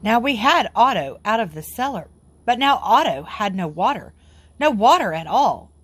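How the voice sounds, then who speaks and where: A woman reading a children's book aloud in an expressive, sing-song way. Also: medium pitch, normal speed, breathy edge, no echo. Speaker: storybook reader.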